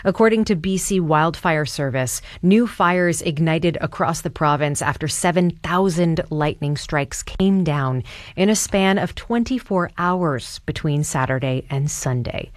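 A woman with a lowish voice reads a radio news item in a measured, scripted way. Her sound is dry and close to the mic. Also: dry recording. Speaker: news presenter.

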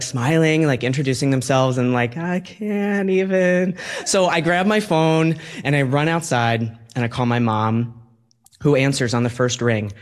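Man telling a personal story, conversational and halting, quotes acted out, mid-range voice. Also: mid-range voice.

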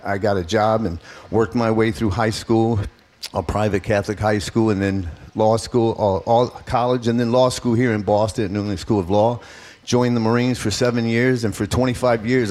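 A man's voice: fairly low pitch, darkish tone. A man in his fifties, a political candidate being interviewed, telling his story in an earnest, emphatic way. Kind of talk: radio interview answers.

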